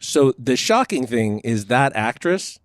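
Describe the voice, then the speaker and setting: A podcast host sharing film trivia in a relaxed, casual chat. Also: male voice, mid-range voice, a little slow, no echo, studio quality.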